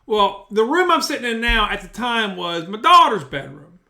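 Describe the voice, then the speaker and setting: Guy swearing and rambling thru a home story, bright voice, talks into a mic at home. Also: high voice, moderate pace, gravelly. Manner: profane, rambling, animated. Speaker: storyteller vlogger. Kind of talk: casual storytelling. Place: indoors at home, bedroom. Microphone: studio mic.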